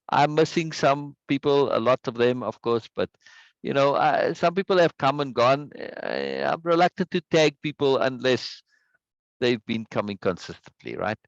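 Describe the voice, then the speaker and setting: Man hosting a live chat, lively up-and-down voice, gravelly, keeps repeating himself. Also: medium pitch, dry recording, highs cut off. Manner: rambling, repeats words, warm greetings. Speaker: livestream host. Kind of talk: casual live-stream chat.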